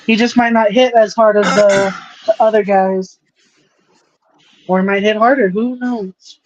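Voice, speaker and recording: In an unhurried, steady, medium-pitched voice, a female podcast co-host keeps up profane play-by-play remarks as she and others casually watch a football game. The sound is dry and dull lo-fi with no echo.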